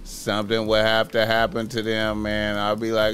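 A man's voice: fairly low pitch, completely flat delivery, normal speed, few pauses, a bit bright, slight background noise. A man talking casually on a livestream, rambling, repeating filler words and swearing freely.

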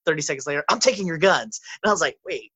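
A man in casual chat who rambles, stammers and restarts, acting out quotes loudly. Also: a little high, expressive, rapid-fire, husky.

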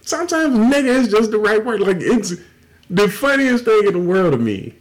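A man's voice: sits high, very animated, moderate pace. A man hosting a podcast in casual chat, blunt and profane, laughing easily as he talks. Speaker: podcast host.

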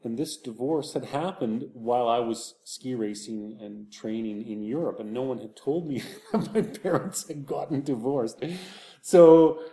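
A man, an author, speaking reflectively in an interview, soft-spoken and halting with frequent restarts. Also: medium pitch.

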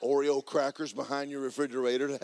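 A man preaching a sermon as pastor in a church, animated and emphatic with folksy humor. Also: medium pitch, brisk. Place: church sanctuary.

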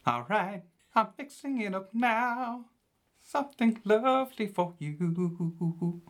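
A man playing a male barista in a breathy, dreamy falsetto, crooning slowly and sing-song like a soul singer. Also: fairly bright tone.

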